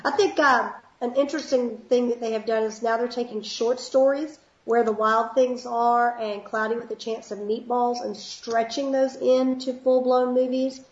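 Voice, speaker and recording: A woman's voice: on the high side, steady tone, moderate pace, few pauses. A woman with a Southern US accent, a middle school teacher co-hosting a casual chat in a frank, easygoing way. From South Georgia, US. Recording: roomy, dull lo-fi sound.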